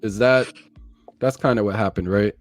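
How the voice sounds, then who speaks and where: A man's voice: on the low side, steady tone, normal speed, faint music behind. A man hosting a casual podcast chat, laid-back and calling people "bro". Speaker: podcast host.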